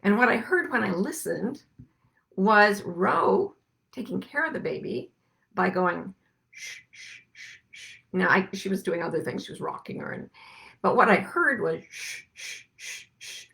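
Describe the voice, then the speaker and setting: A middle-aged woman hosting a reflective spiritual talk, speaking gently and musing, slowing down to stress her points. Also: medium pitch, very animated, vocal fry. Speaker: podcast host and life coach.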